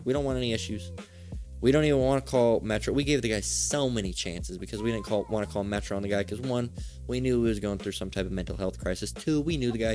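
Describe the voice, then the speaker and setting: A man casually telling a personal story in a rambling, profane way, swearing often and restarting his sentences. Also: on the low side.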